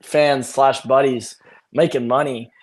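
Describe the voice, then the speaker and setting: A young man, an actor as guest, talking in an animated, storytelling way on a video call. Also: medium pitch, slow. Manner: animated storytelling, acts out friends' voices. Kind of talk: casual video-call interview.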